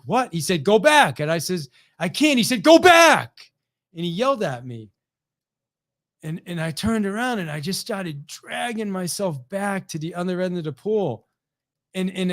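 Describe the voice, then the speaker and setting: A middle-aged man tells a motivational story to a sales audience, acting out each quoted line with a lot of energy. His voice sits fairly high for a man and keeps restarting sentences as he pushes on. The sound is dry and close, with no room around it. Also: no room sound. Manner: animated, acts out quoted dialogue, frequent restarts. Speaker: sales trainer.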